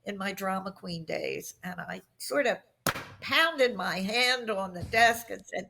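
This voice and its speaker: Gravelly-voiced middle-aged woman telling stories. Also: mid-range voice, measured pace, noisy background. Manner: animated anecdotes with acted-out quotes. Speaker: guest expert on workplace communication. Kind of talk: storytelling in a podcast interview.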